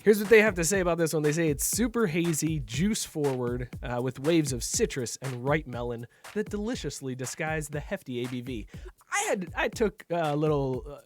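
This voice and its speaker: A man's voice: on the high side, lively intonation, normal speed, faint music behind. A man hosting a casual podcast chat over a video call, joking and laughing often at his own lines. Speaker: podcast host.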